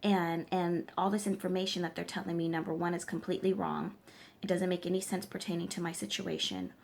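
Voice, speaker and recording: Over slight background noise, a woman tarot reader with a lowish, creaky, level voice talks a little fast to camera. The spiritual practitioner gives emphatic advice, regularly pausing her lecture to check in with viewers.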